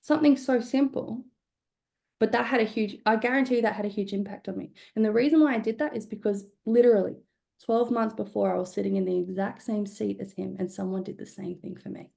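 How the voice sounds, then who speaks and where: A woman's voice: medium pitch, fairly even intonation, brisk, creaky, warm tone. A woman teaching a live business workshop in a conversational, candid way, often checking in with "right?". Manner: conversational, frequent "right?" check-ins, casual swearing. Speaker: business coach.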